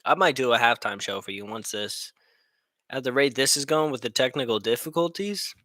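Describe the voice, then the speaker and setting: A young man talks through a football game on his live stream, rambling and cracking jokes as he goes. His voice is bright and forward. The sound is dry and close, with almost no room around it. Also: medium pitch, brisk, no room sound. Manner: rambling, joking, laughs often. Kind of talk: casual live-stream commentary.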